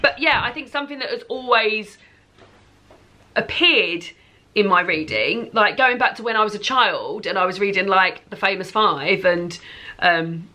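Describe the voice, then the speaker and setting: A woman's voice: medium pitch, animated, measured pace, sharp tone. A woman vlogging at home, chatting casually about books in a rambling way full of fillers. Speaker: book vlogger. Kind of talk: casual chat to camera.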